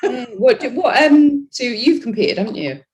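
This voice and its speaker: A woman's voice: fairly high pitch, animated, moderate pace, darkish tone. A young woman chatting casually as a podcast guest, talking about her bodybuilding training with lots of "you know" fillers. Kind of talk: casual chat.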